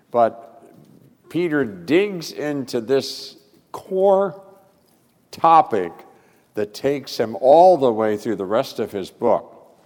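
A male pastor preaching a sermon with expressive delivery and sudden loud emphasis. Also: on the low side, big-room sound.

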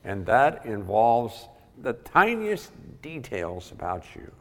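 A man's voice: mid-range voice, big pitch swings, slow pace. A man preaching a sermon emphatically, repeating key words for weight, recorded with the long reverb of a large hall. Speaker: pastor.

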